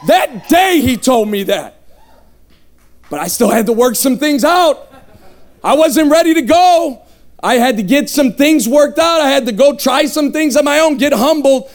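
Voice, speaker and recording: Evangelist, male, 30s, high pitch, punchy comic testimony with shouted peaks. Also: lively intonation, unhurried, a faint crowd. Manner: emphatic, humorous, shouting at peaks. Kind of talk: testimony sermon. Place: revival tent.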